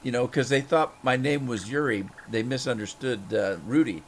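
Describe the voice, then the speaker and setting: While streaming a farming game, a man casually rambles through an anecdote, chuckling and repeating words, before saying hello to people in chat. He speaks at a moderate pace with a medium-pitched voice.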